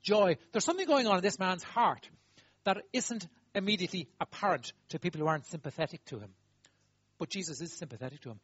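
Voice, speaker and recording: A man preaches in a lively, husky voice that rides up high and drops low. He talks emphatically, swinging from loud exclaiming to quiet asides. The recording is dull, lo-fi and dry. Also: fast, no echo. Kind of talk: sermon.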